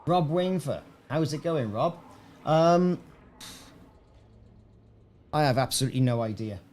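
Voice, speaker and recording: A man's voice: on the high side, expressive, unhurried, a little mellow. A man casually chatting on a game live stream, rambling and answering viewers by name. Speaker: gaming streamer.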